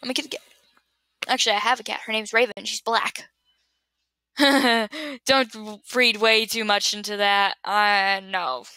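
A young woman chats casually to camera at home through her webcam's built-in mic, tackling would-you-rather questions. Her mid-range voice is sharp, fairly even and measured, without echo, as she giggles scatterbrained and keeps trailing off and restarting.

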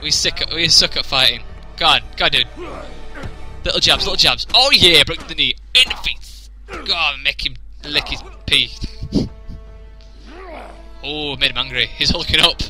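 A man's voice: on the high side, lively intonation, normal speed, pauses often, faint music behind. Jokey young Englishman narrating gameplay. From England. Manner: jokey, laughs often, reacts loudly. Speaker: let's play commentator. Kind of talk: casual gameplay commentary.

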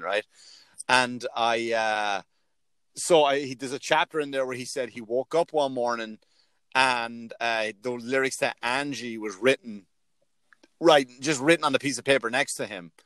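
A man's voice: medium pitch, fairly bright tone, no echo. Rambling, swearing comedian man. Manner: rambling, profane, self-mocking. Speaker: comedian and podcast host. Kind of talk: casual chat.

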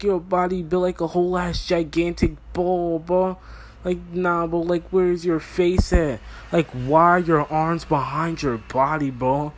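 A young man doing a brash, exasperated comedy roast over a phone mic, swearing constantly and calling everyone "bro". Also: on the high side. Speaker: roast video creator. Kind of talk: profane comedic roast commentary.

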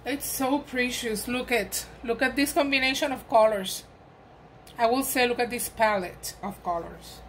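Slow-talking woman, gushing over a gift, voice a bit high. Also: slight background noise, low-quality recording. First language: Spanish. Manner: gushing, exclamatory, enthusiastic. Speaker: crafting vlogger. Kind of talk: gift unboxing chat.

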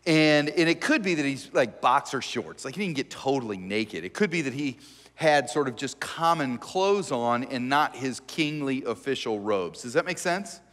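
A man preaching as a pastor, telling the story in a joking, animated, conversational way. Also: medium pitch, normal speed, big-room sound. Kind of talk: conversational sermon. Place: church sanctuary.

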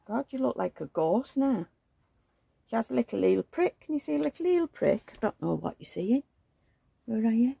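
A woman's voice: on the high side, sing-song, moderate pace, vocal fry, warm tone, husky, dry recording. A woman chatting casually as she changes a doll, cooing in baby talk and drifting into gossipy stories. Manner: coos and baby-talks, chatty gossiping asides. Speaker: reborn doll vlogger. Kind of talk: casual chat while dressing a doll.

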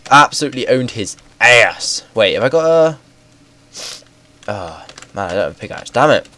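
Hoarse young man with a cold. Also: fairly low pitch, moderate pace, dry recording. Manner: rambling, self-mocking, easily excited. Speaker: gaming video host. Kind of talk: casual Minecraft commentary. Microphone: headset.

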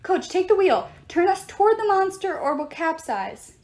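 A woman reading aloud and voicing a frantic teenage boy mechanic who yells urgent commands. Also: very high-pitched, sing-song, normal speed, voice pushed up. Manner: urgent, self-scolding yells.

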